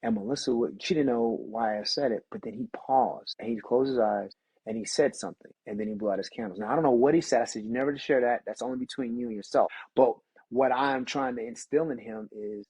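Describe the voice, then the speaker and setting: Husky middle-aged man, podcast guest, earnest storyteller, dry close mic. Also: medium pitch, a little fast, darkish tone, dry recording, low-quality recording. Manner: earnest, storytelling, restarts often. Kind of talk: candid reflective conversation.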